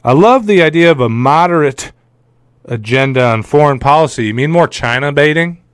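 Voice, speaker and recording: A man's voice: a little high, lively intonation, normal speed, smooth, no room sound, clean studio sound. A man hosting a political podcast, ranting sarcastically and swearing often. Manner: sarcastic, profane, mocking. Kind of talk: casual ranting commentary.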